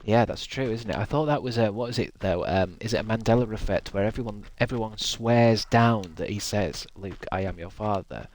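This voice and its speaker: A man's voice: fairly low pitch, brisk, few pauses, a little mellow. Man streaming, swearing casually. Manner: chatty, swears freely, laughs often. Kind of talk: casual gaming stream chat.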